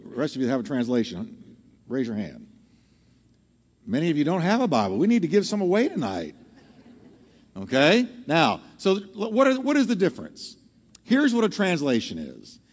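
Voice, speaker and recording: Lively male pastor in a reverberant hall. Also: on the high side. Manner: animated, asks the audience questions. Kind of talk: sermon teaching to a congregation. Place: church hall with live audience.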